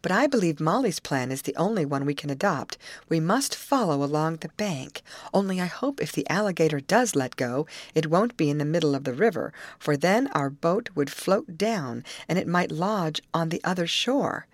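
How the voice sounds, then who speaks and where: A woman playing a level-headed girl captain in a storybook, reasoning aloud in a steady, lively voice. The reading sits close and dry, with a lowish tone. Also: moderate pace, hardly any pauses, no echo. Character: calm resourceful teenage girl captain.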